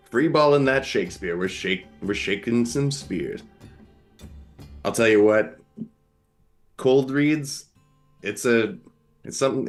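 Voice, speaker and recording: A man guest in a casual chat, joking and self-deprecating as he gets ready to read. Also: medium pitch. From not American.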